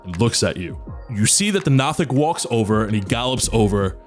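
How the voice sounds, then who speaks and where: A man's voice: fairly low pitch, animated, moderate pace, faint music behind. Casual man narrating a tabletop game. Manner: casual, rambling descriptions with fillers. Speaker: dungeon master.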